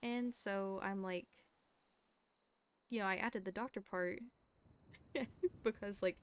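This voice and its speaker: A woman telling a story in character on a roleplay game stream, animated and acting out what others said. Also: medium pitch, takes it slowly, long pauses, clear, resonant tone.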